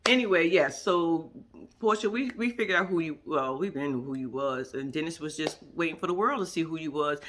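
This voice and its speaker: A woman's voice: low voice, brisk, a bit bright. A woman casually recapping a reality show, blunt and profane, laughing often and mimicking the people she talks about.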